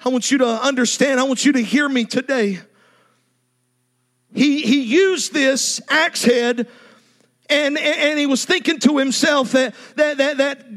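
Man, pastor, very high voice, fervent preaching, repetitive, sung cadence. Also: unhurried, a bit bright. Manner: repetitive, impassioned preaching with acted quotes. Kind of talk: sermon.

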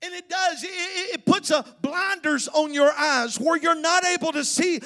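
Preaching in a church sanctuary at normal speed, this pastor has a strikingly high, creaky voice. He delivers an emphatic sermon to his congregation, rising into shouts and sing-song rhythms while frequently stammering and starting phrases over.

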